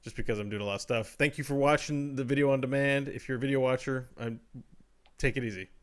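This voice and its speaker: A man's voice: medium pitch, fairly even intonation, fast, smooth. A man hosting a casual podcast, chatty and upbeat as he plugs episodes and signs off. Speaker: podcast host. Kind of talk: casual comedic chat, show sign-off.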